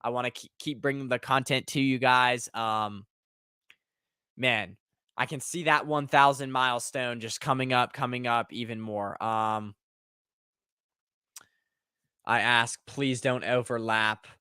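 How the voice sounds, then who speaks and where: Young man, casual rambling livestream host, bright crisp voice, dry close sound. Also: mid-range voice, fairly even intonation, measured pace, no room sound. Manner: rambling, reads live chat aloud. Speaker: sports podcast host.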